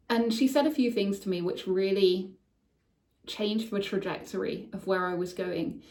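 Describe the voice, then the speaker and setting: A woman's voice: medium pitch, moderate pace, darkish tone. A woman telling a personal story in a candid, emotional way, swearing casually, as the host of her show. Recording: echoey room, voice somewhat far from mic.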